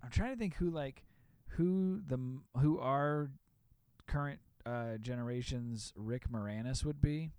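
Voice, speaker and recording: A man co-hosting a podcast in casual chat, playful and quick-witted, often laughing. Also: medium pitch, darkish tone, smooth, no room sound.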